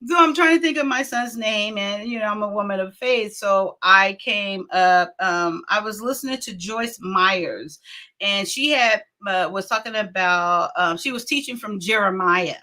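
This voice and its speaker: Speaking a little slowly in a mid-range voice, this middle-aged talk show host relays a story in a relaxed, lively way. She laughs a lot and plays out the things people said.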